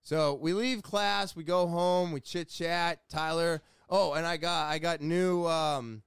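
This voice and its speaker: New guy rambling on camera, smooth clear voice, kinda high, dry sound, earnest and hard on himself. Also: steady tone, takes it slowly, no room sound. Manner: rambling, earnest, self-deprecating. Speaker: vlogger. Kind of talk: casual chat. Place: small home room with sound panels.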